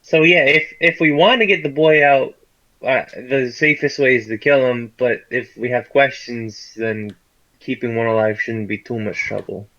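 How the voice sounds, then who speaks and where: Gravelly man on a dull lo-fi mic. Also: medium pitch, normal speed. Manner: relaxed, chuckling, loose joking. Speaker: player. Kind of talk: casual tabletop play.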